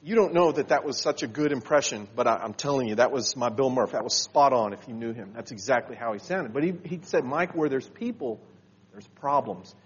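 A man preaching a sermon to his congregation, earnest and halting, with many fillers and restarts. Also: medium pitch, animated, breathy edge, dull audio.

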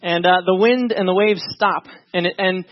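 In a dull, lo-fi recording from a church, a pastor with a high voice delivers a sermon at a moderate pace. He reads scripture and addresses the congregation in a conversational style, often repeating himself and asking "right?"

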